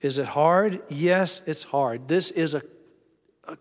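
A male pastor preaching a sermon, emphatic, rising to loud exclamations and dropping low. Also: moderate pace. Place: church sanctuary. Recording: church hall with long reverb.

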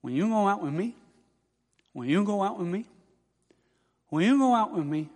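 A preacher acting out a determined young male student who stumbles and repeats himself as he talks. The voice sits high and rings out in a long church reverb. The student is stubborn. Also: expressive. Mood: practicing. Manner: halting, repeating words.

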